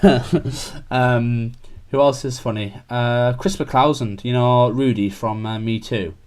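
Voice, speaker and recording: A man's voice: medium pitch, steady tone, measured pace, clean tone. Rambling young man chatting. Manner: rambling, full of "like" fillers. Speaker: podcast host. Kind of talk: casual chat.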